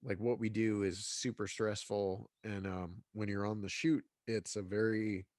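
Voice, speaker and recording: A man's voice: on the low side, little pitch movement, a little slow, a little mellow, dry recording, clean studio sound. A man talking as a guest in a casual interview, congested, rambling along with many restarts and fillers. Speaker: guest filmmaker.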